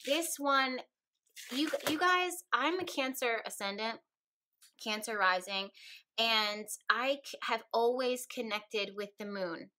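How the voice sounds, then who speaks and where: A woman's voice: a little high, slow, sharp tone, poor audio. A young adult woman vlogging about her witchcraft shop, speaking earnestly and chattily straight to her viewers. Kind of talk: casual talk to camera.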